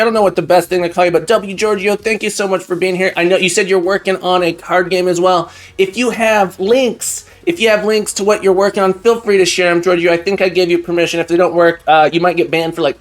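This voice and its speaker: A man streaming live, greeting his chat one by one in an effusive, grateful way, rambling and restarting as he gets a little emotional. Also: high voice. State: getting emotional. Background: faint background music.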